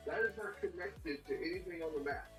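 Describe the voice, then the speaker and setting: A man playing a strategy game with friends over voice chat, asking eager questions in an animated way. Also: a little high, a little fast, far from the mic, soft background music. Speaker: player in a multiplayer game. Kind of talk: casual gaming chat over voice call.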